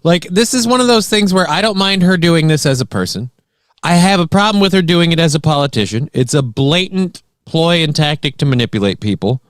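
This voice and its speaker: A man's voice: fairly high pitch, lively intonation, fairly quick, dry recording. A man co-hosting a morning talk show, chiming in with dry quips in casual banter.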